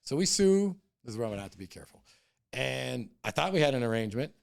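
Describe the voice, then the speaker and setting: Fast-talking gravelly man, blunt and profane. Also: medium pitch, big pitch swings, dry recording. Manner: blunt, heavy swearing, heated. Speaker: cannabis company CEO, podcast guest. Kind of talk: casual interview storytelling.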